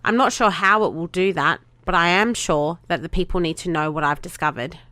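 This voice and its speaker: A woman voicing a brisk, determined female Starfleet doctor who talks firmly and insistently in a fan audio drama. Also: fairly low pitch, sharp tone, no echo. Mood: urgent. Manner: firm, insistent.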